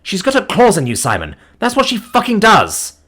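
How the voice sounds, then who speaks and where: A man's voice: medium pitch, big pitch swings, normal speed, a bit bright, husky, pitched above the performer's own voice. A man voicing an angry, bitter young man who swears and sneers sarcastically. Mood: accusing.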